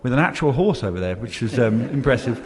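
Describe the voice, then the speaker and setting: A man's voice: mid-range voice, lively intonation, fast, big-room sound. Laid-back man comedy panellist.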